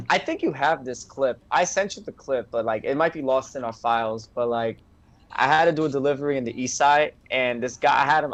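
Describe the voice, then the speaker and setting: A man telling a profane, animated story in a casual chat with his co-host. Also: mid-range voice, dry recording. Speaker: delivery worker and show co-host.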